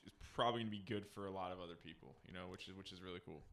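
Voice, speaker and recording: Laid-back man with a lowish voice. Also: rapid-fire, gravelly, fairly bright tone. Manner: laid-back, chatty, frequent fillers and swearing. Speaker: podcast co-host. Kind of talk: casual chat.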